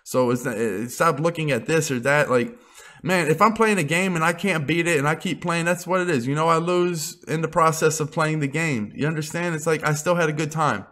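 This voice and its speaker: A man's voice: a little high, fairly quick, a bit bright. A young man giving an unscripted motivational rant as a vlogger, blunt and full of swearing. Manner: blunt, profane, emphatic.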